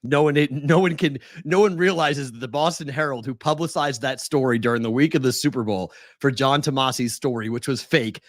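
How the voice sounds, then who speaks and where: A man's voice: medium pitch, brisk, hardly any pauses, dry recording, clean studio sound. Man telling a story with many restarts. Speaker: sports podcast co-host. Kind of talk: casual sports chat. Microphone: remote video call.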